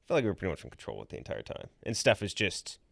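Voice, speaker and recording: A man's voice: sits low, wildly swooping pitch, racing, vocal fry, fairly bright tone, no room sound, clean studio sound. A man co-hosting a sports betting show, teasing his partner and rambling about games. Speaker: co-host. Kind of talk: casual sports chat.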